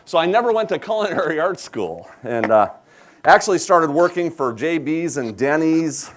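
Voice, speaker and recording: A man's voice: a little high, sing-song, normal speed. A man from South Dakota with an Upper Midwest American accent, chatting with a live audience in a folksy, joking way while demonstrating a cooking recipe. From South Dakota, USA. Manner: chatty, folksy, self-deprecating humor. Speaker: chef giving a cooking demonstration.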